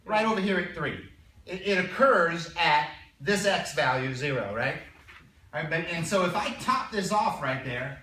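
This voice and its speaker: A male math teacher lecturing a classroom in a conversational way, often clearing his throat and checking in with his students. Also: fairly high pitch, lively intonation, normal speed, sharp tone, slight background noise. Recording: roomy classroom sound from a distance.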